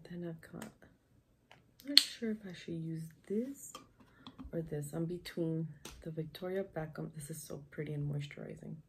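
A woman's voice: low-pitched, normal speed, noisy background. A woman with a sick, nasal voice, chatting through a makeup tutorial as a beauty vlogger. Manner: chatty, talks through each step.

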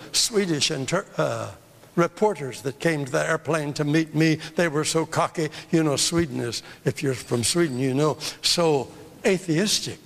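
An older man preaching a sermon, emphatic and drawn out, with big swings in pitch. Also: creaky, a bit bright. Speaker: evangelist preacher. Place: church. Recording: long hall reverb from a church.

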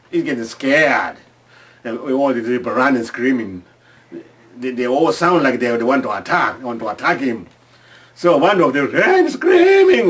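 A man telling stories from home in a halting, restarting way, acting out screams and sounds. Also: mid-range voice, recorded from a distance. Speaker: storyteller. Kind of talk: casual oral storytelling.

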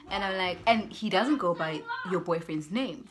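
A young South African woman telling a personal story on her vlog, animated, acting out both sides of conversations and mixing in Zulu words. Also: on the low side, moderate pace, hardly any pauses. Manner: mixes in Zulu words and phrases. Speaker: YouTuber.

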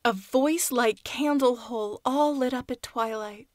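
A woman narrating a short story aloud in a soft, hushed, measured reading. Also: fairly high pitch, no room sound, clean studio sound. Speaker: audiobook narrator. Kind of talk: scripted fiction narration.

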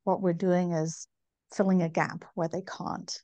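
A middle-aged woman from northeast England with a softened northern English accent, explaining things in a measured way with many ums as an interview guest. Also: fairly low pitch, level tone, no room sound. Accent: northern English, softened by decades in the US. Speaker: guest, women's health company founder. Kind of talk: interview conversation.

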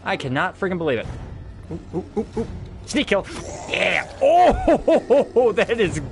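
A young man commentating his gameplay, reacting with excited, profane yelps and jokes. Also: sits high, a little slow, vocal fry, noisy background. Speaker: gameplay streamer.

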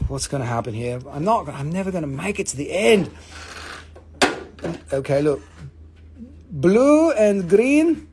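A man's voice: a little high, moderate pace, gravelly, long pauses, a little mellow, a little hiss or hum. A man hosting a live stream that sells rocks, chatting in a profane, rambling way and laughing often. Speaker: host of a live rock sale. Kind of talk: live-stream sales chat.

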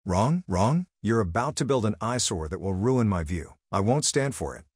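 A man voicing a shrill, entitled middle-aged woman neighbor who speaks in a smug, haughty manner. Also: sing-song, normal speed, husky, dry recording, studio quality. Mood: indignant.

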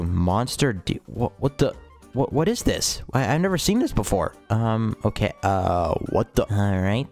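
Excitable man narrating gameplay. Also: mid-range voice. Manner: excitable, gasping, repeats phrases. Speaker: gaming channel host. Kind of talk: let's-play gameplay commentary.

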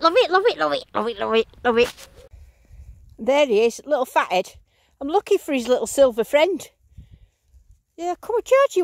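High lively woman chatting out in a field. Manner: bubbly, chatty, talks to her finds. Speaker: metal detecting vlogger. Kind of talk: excited running commentary while digging. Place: open field outdoors.

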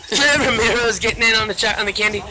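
A woman filming a backyard party, chatty and excitable, laughing often and calling out to the kids and the dogs. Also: a little high. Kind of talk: casual home video narration. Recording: noisy outdoor phone video.

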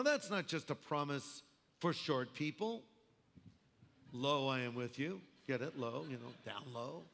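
A man's voice: high-pitched, fairly bright tone. A man preaching a sermon as pastor, emphatic with wry asides. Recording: long hall reverb.

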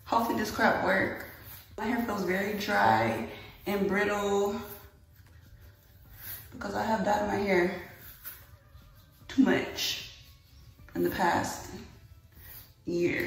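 A woman's voice: medium pitch, lively intonation, vocal fry. A young woman, talking casually to viewers about her hair and a little out of breath. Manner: chatty, rushed, addresses viewers as y'all. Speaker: beauty vlogger. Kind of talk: casual hair-care vlog. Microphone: phone camera at a distance. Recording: echoey room, phone mic at a distance.

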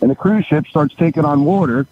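A man telling crude jokes on a radio show in a dry, deadpan way, chuckling at his own punchlines. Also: fairly high pitch, brisk, breathy edge, highs cut off. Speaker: regular phone-in joke teller.

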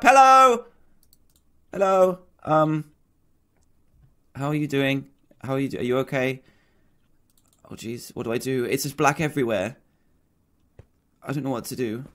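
Jumpy, lively-voiced man playing a horror game. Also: mid-range voice, moderate pace, pauses often. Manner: jumpy, exclaims and talks to game characters. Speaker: gaming video host. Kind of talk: let's play commentary.

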